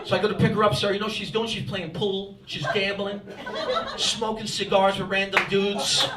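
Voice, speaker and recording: New stand-up guy, high voice, chatty crowd-work, roomy club mic with laughter behind. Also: flat delivery, normal speed, recorded from a distance, heavy background noise. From New Jersey, US. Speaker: stand-up comedian. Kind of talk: stand-up set. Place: comedy club with live audience.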